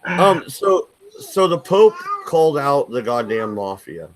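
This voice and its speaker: A man's voice: medium pitch, very animated, takes it slowly, no echo, poor audio. Profane laughing man hosting a stream. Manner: swears a lot, laughs often, rambling. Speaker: stream host. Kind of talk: profane casual chat.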